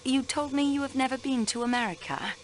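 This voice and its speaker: An actress playing a sharp young female railway clerk questioning suspects in a video game, precise and polite. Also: high voice, brisk, a little hiss or hum, natural voice. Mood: pressing.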